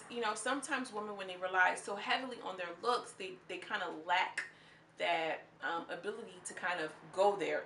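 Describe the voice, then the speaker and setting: A bright, forceful woman talks through a reality episode in a loose, slangy vlog manner. Her voice bounces around a roomy, echoey space with a faint hiss underneath. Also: mid-range voice. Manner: animated and slangy, acts out quotes in mocking voices. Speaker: reality TV reviewer. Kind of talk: casual commentary vlog. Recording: echoey room.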